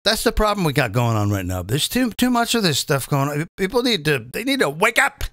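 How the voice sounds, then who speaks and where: Comedian guy going off on a cussing rant, high bright voice, keeps going "okay? right?". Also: sing-song, fairly quick, dry recording, clean studio sound. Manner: profane, combative ranting; keeps asking the audience for agreement. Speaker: comedian host.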